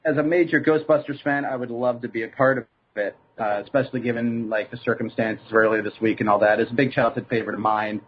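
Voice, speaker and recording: Husky-voiced Canadian man hosting a podcast. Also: medium pitch, steady tone, quick pace, hardly any pauses, phone-quality sound. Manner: upbeat, rambling introductions. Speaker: podcast host. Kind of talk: casual panel chat.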